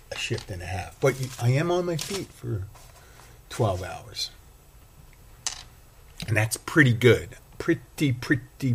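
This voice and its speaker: A man's voice: on the low side, slight background noise. A man hosting a casual solo podcast, rambling and self-deprecating as he talks. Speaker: podcast host and bartender.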